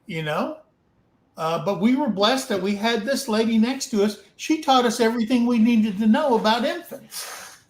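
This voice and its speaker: Slow, high-voiced man telling a story. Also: reverberant, poor audio. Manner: frank and rambling, swears casually. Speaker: open mic storyteller. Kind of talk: casual storytelling on a livestream.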